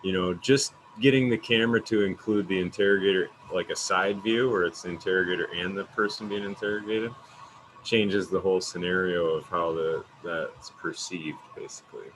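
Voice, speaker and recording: A man with a deep, low voice chats as a podcast guest. His talk is loose and meandering, full of likes and ums, and he swears often, with faint noise behind him. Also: fairly even intonation, normal speed, fairly bright tone, rough recording. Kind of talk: casual podcast chat.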